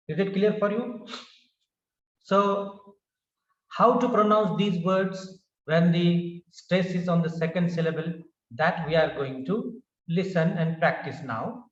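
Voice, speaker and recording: A man with an Indian English accent, teaching English pronunciation by reading word lists aloud one word at a time and briefly explaining stress. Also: high-pitched. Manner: reads word lists slowly with pauses, adds short explanations with fillers. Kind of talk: slow word-by-word pronunciation drill. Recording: dull, roomy, slightly distant mic.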